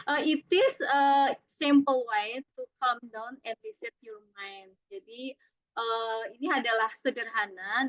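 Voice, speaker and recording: Woman, Indonesian accent, high pitch, slow and hesitant, many fillers, dull video-call audio. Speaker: student presenter. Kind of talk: halting presentation in a second language.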